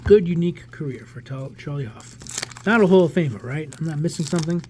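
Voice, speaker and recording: A fast-talking card collector vlogger in his forties from the New York area, his voice on the high side, chats his way through a pack opening. Despite the speed he's relaxed and rambling, restarting as he thinks aloud, over a little hiss or hum.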